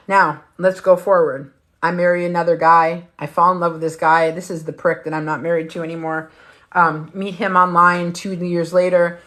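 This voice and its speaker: A woman's voice: lowish voice, fairly bright tone. A woman hosting a weight-loss livestream, telling a personal story in a blunt, emphatic way with plenty of swearing. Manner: blunt, heavily profane, emphatic. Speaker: weight-loss challenge host.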